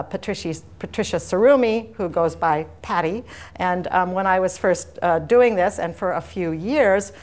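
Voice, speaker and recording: Woman giving a discursive academic lecture. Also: fairly low pitch. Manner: discursive, anecdotal and digressive. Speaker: university lecturer. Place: lecture room with an audience.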